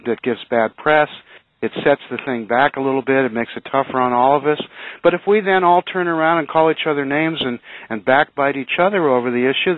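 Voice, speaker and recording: A man talks earnestly and a bit haltingly, stumbling over restarts as he makes his point. His voice is mid-pitched. It comes through a dry, tinny phone-like line. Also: dry recording. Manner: hesitant, earnest, measured. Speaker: radio show co-host, museum curator. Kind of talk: casual radio talk.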